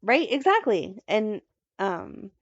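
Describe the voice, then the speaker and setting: A woman co-hosting a fan podcast, giving animated and exasperated commentary in casual chat. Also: mid-range voice, takes it slowly, no room sound, lo-fi sound. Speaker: podcast co-host.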